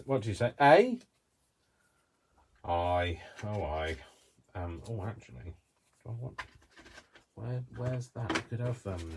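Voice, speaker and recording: Coventry-accented man, deep voice, chatty craft host muttering to himself mid-project. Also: background noise. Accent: Coventry English. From Coventry, England. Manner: chatty, rambling, talks to himself while working. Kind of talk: casual crafting demonstration.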